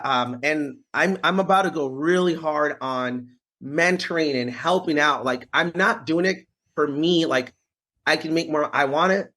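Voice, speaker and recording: A man with a husky, breathy voice that sits fairly high for a guy speaks as a podcast guest. He talks in an earnest, fired-up way and repeats phrases as he builds his point. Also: pushed and bright. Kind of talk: casual storytelling interview.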